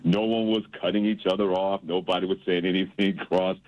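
Deep-voiced man hosting sports radio. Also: fairly even intonation, fairly quick, a little mellow, dull audio. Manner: teasing, storytelling. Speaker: radio sports show host.

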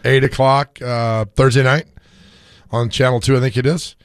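A man hosting sports talk radio, hoarse from screaming, telling rambling self-mocking stories. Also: mid-range voice, steady tone, normal speed, no room sound, studio quality. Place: radio studio.

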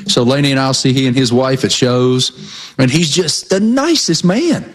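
Male co-host, folksy and excited, ordinary mid voice. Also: mid-range voice, moderate pace. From American South. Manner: enthusiastic, folksy, southern slang. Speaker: podcast co-host. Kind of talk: casual sports chat.

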